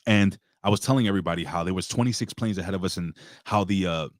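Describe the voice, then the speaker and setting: A male host talks in a deep, low voice, spinning wild stories with plenty of cursing. He also slips into booming announcer-style introductions, and the sound is dry and close. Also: fast, no echo. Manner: excitable, profane storytelling with hype announcer intros. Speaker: podcast host. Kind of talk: casual chat.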